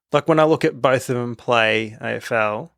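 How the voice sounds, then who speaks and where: A man's voice: mid-range voice, slow, gravelly, fairly bright tone, no echo, clean studio sound. A young Australian man co-hosting a sports podcast, laid-back and casual, dropping "mate" often. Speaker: podcast co-host.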